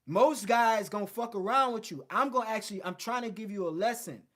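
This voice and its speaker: A man's voice: high-pitched, a little fast, fairly bright tone. A man hosting a livestream, lecturing his viewers bluntly and swearing often. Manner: mocks others in put-on voices. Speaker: host. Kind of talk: livestream coaching talk.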